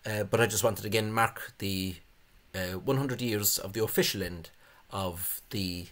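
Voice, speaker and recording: A man's voice: lowish voice, moderate pace, fairly bright tone. A man gives a spoken lecture on spelling, hesitant and full of fillers, with scornful asides. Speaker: language video host.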